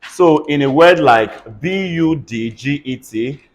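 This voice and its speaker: A man's voice: a little high, animated, slow. Man, classroom teacher, pronunciation lesson, spells words aloud, call-and-response drills. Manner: spells words letter by letter and has the class repeat them.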